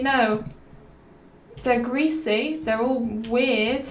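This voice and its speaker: A woman's voice: on the high side, animated, measured pace. Rambling woman streamer, roomy distant mic. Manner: rambling, musing aloud, drifting between topics. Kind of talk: rambling gameplay stream chat. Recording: roomy, slightly distant mic with faint noise.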